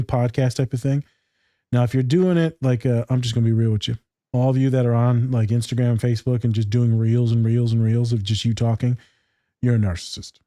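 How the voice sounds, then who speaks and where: A man's voice: medium pitch, mellow, no room sound, studio quality. A man co-hosting a casual podcast, blunt and joking, rambling through his points. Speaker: podcast co-host.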